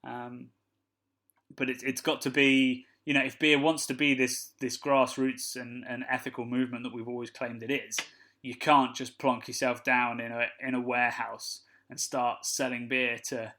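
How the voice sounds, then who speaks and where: A man with a mid-range voice co-hosts a casual podcast. He keeps a relaxed, jokey tone and laughs easily while chatting with his co-host. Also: mid-range voice, normal speed. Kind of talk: casual chat.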